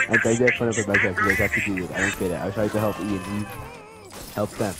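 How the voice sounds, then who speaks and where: A man's voice: on the low side, steady tone, fast. Young guy reading chat over game music. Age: teens. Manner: reads group-chat messages aloud to friends, often breaking into laughter. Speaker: gamer reading chat messages aloud. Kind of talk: casual gaming commentary. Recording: game music playing behind.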